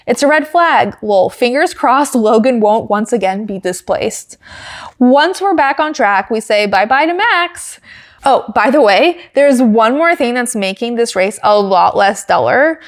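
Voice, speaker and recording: A young woman hosting a podcast, giving a chatty, giggly, animated race recap. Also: on the high side. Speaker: podcast host.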